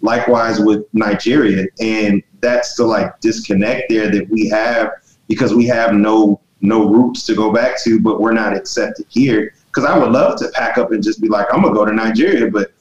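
A man's voice: lowish voice, fairly even intonation, normal speed, reverberant, dull audio. A man from the United States, hosting a casual group discussion in long, rambling thoughts.

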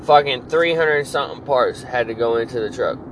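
A man's voice: medium pitch, moderate pace, noisy background. A man ranting angrily and profanely about his job, irritated and fed up. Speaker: podcast host. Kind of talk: angry work rant monologue.

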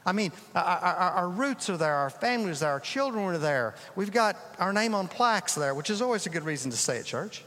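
A middle-aged man, a pastor telling stories in a sermon, swinging from dramatic rises to hushed drops. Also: sits high, big pitch swings, a little fast, hardly any pauses. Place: large church sanctuary. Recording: reverberant church hall.

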